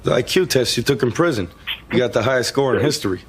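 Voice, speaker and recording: A chirpy male official played by a man in a film clip, who talks like a pitchman. Faint noise sits under his voice. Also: lively intonation, fast, natural voice. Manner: chirpy, salesy. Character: cheerful male official who plugs a sponsor.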